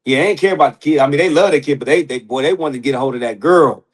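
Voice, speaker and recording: A man's voice: medium pitch, rapid-fire, husky. A man who is a podcast guest, telling stories in casual slang, laughing often and acting out the people he quotes. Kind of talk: casual storytelling.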